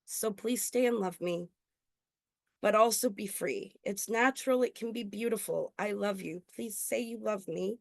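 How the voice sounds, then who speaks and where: A woman performing her own spoken-word poetry at an open mic, earnest and intimate, slowing on key lines. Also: mid-range voice, gravelly, no room sound, clean studio sound. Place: indoor open mic venue.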